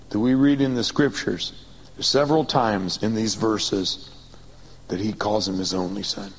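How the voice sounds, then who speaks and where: A man preaching a sermon, swinging from excited high bursts to quiet low reading, calling on the congregation to repeat after him. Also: measured pace, long pauses, slight background noise, poor audio. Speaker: pastor.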